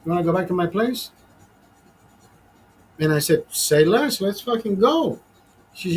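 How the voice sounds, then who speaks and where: A man's voice: high-pitched, lively intonation, normal speed, long pauses, a little hiss or hum. A man from Honduras telling a crude story in a casual livestream chat, swearing constantly and laughing at his own jokes. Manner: crude, profanity-heavy storytelling, laughs often. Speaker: livestream host.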